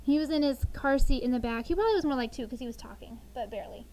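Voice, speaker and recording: High-voiced middle-aged lady teacher, lively storytelling to her class, faint noise behind. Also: rapid-fire, poor audio.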